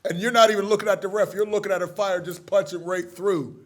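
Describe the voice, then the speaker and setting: High-voiced, inquisitive male host. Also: fairly even intonation, fast talker, a bit bright. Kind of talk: interview questions.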